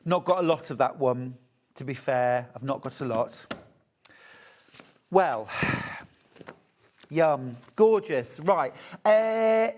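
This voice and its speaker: A man's voice: a little high, lively intonation, takes it slowly, pauses often, darkish tone. A man presenting a live shopping channel show, chatty and gushing as he demonstrates fabrics. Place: TV shopping studio.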